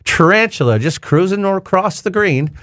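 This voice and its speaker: A man co-hosting a golf radio talk show, telling stories in casual banter, laughing often and breaking into high exclamations. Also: animated, normal speed, a bit bright.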